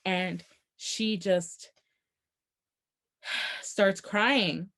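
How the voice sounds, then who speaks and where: A woman co-hosting a casual book podcast, retelling the plot in an animated way and quoting the characters. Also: mid-range voice, extremely slow. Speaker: podcast co-host.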